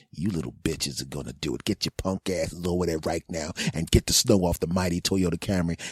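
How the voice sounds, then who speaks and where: 40s guy ranting on his podcast, swearing and mocking, husky low voice, dry close mic. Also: no room sound. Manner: profane, mocking, blustering. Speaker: podcast host. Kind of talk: comedic rant.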